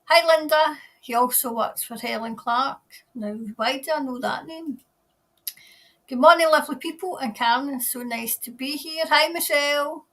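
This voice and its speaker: A Scottish woman chats her way through a livestream, reading out viewer comments and greeting people by name. Her voice sits a little high and stays easygoing and unscripted. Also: moderate pace, a bit bright. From Scotland. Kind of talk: casual livestream chat. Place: New Zealand.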